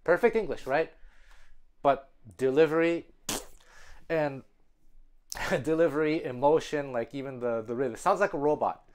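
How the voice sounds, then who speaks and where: A man's voice: fairly high pitch, measured pace, pauses often, darkish tone, a little hiss or hum. A man giving a spoken music lesson, explaining earnestly in a conversational way with frequent restarts. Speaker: music teacher.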